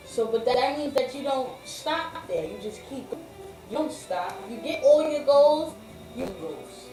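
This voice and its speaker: A woman hosting a casual interview, encouraging her guest with quick affirmations. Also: high voice, lively intonation, mellow, roomy sound, far from the mic, faint music behind, poor audio. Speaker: host.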